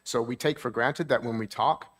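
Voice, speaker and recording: A man's voice: mid-range voice, moderate pace, fairly bright tone. A man, a therapist, giving a talk at a church seminar. He explains things plainly, keeps checking in with the audience, and lifts his voice to act out moods.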